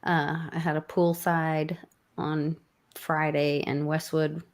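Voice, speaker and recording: A woman's voice: sits low, flat delivery, takes it slowly. A woman co-hosting a show, chatting casually and supportively over a video call. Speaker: co-host.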